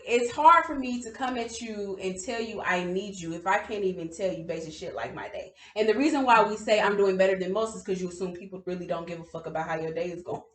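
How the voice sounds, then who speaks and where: A woman's voice: medium pitch, a bit bright. A woman in her thirties co-hosting a podcast, talking bluntly and emphatically and swearing freely in casual chat. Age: 30s. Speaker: podcast co-host. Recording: echoey room.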